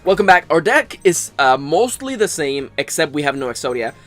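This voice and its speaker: A man's voice: fairly high pitch, big pitch swings, moderate pace, a bit bright, soft background music. Rambling sarcastic man gaming. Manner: rambling, sarcastic, swears, trips over words. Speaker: gaming channel host. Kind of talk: casual let's play commentary.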